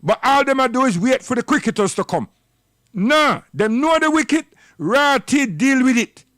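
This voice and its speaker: Man with a high voice, preachy and scolding, dry close sound, for a livestream rant. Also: expressive, a little slow, a bit bright, no echo. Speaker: livestream commentator. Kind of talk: impassioned livestream monologue.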